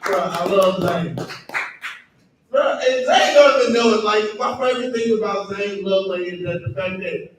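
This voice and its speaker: High-voiced crude stand-up man in echoey club. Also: normal speed, noisy background. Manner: crude, rambling, and conversational, often addressing the crowd. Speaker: comedy show host. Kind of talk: stand-up comedy. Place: comedy club stage. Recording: echoey club room picked up from a distance.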